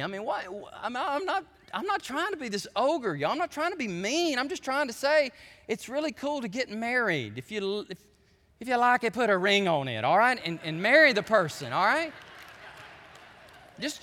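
High-voiced, animated preacher. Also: male voice, moderate pace, in a large hall. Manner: animated, folksy, swings from hushed to shouting. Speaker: pastor. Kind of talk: sermon.

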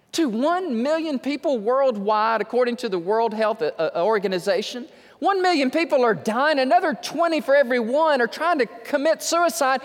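A man preaching a sermon, telling stories with animated humor. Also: extremely high pitch. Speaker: pastor. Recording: reverberant hall.

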